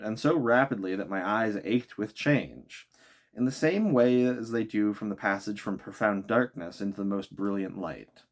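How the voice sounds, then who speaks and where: A man narrates a classic novel aloud in an animated voice that rises and falls freely. He sometimes breaks off into chatty asides to his viewers. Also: on the low side. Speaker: audiobook reader.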